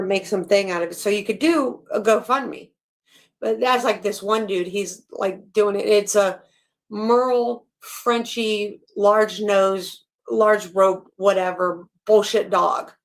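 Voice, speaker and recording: A woman's voice: medium pitch, gravelly. A woman hosting her channel in a casual, ranting chat, indignant and blunt, swearing freely. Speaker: channel host.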